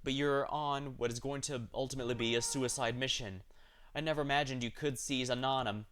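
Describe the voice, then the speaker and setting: A man reading the lines of a proud, dying old king in a hoarse, slow and haughty way. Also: mid-range voice, fairly even intonation, a bit bright, natural voice. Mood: scornful. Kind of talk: dramatic reading of game story.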